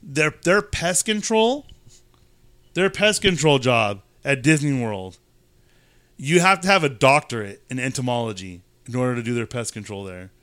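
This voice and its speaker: A man in his thirties from California, co-hosting a casual chat and telling rambling stories with animated asides. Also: mid-range voice, normal speed, clean tone, no room sound. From California, USA. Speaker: podcast co-host.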